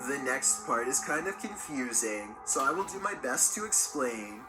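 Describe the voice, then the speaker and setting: A man reading scripted narration for a countdown video in a measured storytelling delivery. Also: medium pitch, sing-song. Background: music.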